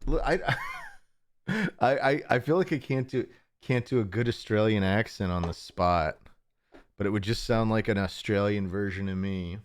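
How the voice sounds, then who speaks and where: A young man chats casually to his livestream audience from home. His voice sits on the low side, and he rambles, chuckles often and trips over his own restarts. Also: moderate pace, dry recording, studio quality. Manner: rambling, chuckling, self-interrupting. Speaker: livestream host.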